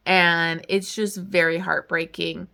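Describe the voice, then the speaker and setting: Bright, gravelly young woman chatting about books. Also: lowish voice, level tone, slow pace. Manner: chatty, full of "like" and "um" fillers. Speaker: book vlogger. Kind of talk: casual book review chat.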